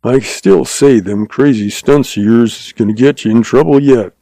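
A man voicing a wary young cowboy who speaks gruffly. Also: mid-range voice, normal speed, mellow, no room sound, natural voice.

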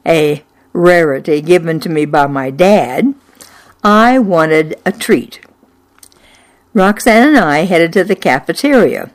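An older woman telling a personal childhood memory in an unhurried, wry and nostalgic way. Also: lowish voice. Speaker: storyteller. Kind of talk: personal memoir storytelling.

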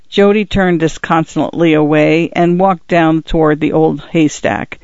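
A man narrating an audiobook in a measured, even manner. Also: fairly high pitch, smooth, dry recording. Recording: dull lo-fi dry recording.

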